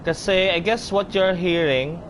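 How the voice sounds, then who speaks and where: Young Filipino-accented male streamer, chatty and easygoing, a little high-pitched, over background noise. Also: moderate pace. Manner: chatty, switching between English and Tagalog, laughs often. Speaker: game streamer. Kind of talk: casual live-stream commentary.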